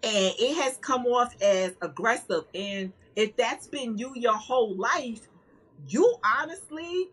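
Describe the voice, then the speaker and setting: A woman's voice: fairly high pitch, animated, slow pace, breathy edge, poor audio. A woman guest on an interview podcast, speaking candidly and emphatically about her life, with frequent laughter. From northern United States. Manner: emphatic, outspoken, laughs often.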